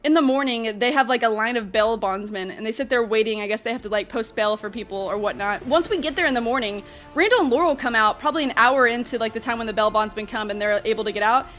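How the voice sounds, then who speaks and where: A young woman vlogger telling a story in an animated, chatty way, full of fillers. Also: a little high, fast talker, soft background music. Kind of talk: storytime vlog.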